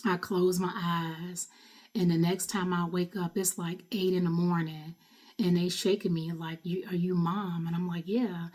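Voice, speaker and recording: A woman's voice: fairly low pitch, a little mellow. Middle-aged woman telling an emotional story. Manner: emotional, conversational, recounting an ordeal. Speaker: vlogger, mother. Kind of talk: personal storytelling to camera.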